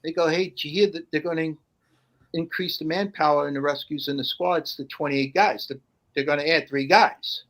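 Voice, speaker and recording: Animated storytelling man. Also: a little high, fairly quick. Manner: animated storyteller, acts out quoted voices. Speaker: podcast guest, firefighter. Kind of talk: casual storytelling.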